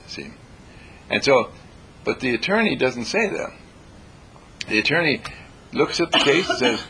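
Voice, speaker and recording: A man giving a spiritual lecture in an animated way, acting out everyday examples and chanting sounds. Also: mid-range voice, moderate pace, vocal fry, pauses often, a little hiss or hum.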